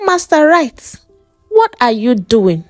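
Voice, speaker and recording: A woman's voice: on the high side, sing-song, slow, dry recording, soft background music. A woman with a Nigerian accent voicing a stern, churchgoing widowed mother who scolds in a mocking, sermon-like way. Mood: sarcastic.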